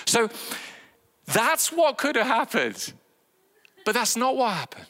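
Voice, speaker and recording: A man preaching a sermon, animated and acting out voices with big swings in pitch. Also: slow, long pauses, big-room sound.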